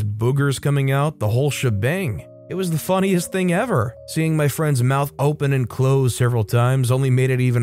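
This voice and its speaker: Man reading stories playfully over soft guitar. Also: mid-range voice. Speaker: story narrator and show host. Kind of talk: reading online stories aloud.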